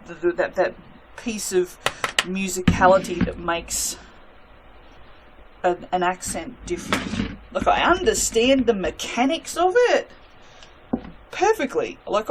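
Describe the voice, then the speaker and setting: Woman making soap on camera, unhurried and chatty, self-mocking asides, steady noise behind her. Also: mid-range voice. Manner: chatty, self-mocking, talks to herself as she works. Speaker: soap maker. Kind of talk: casual chat while making soap.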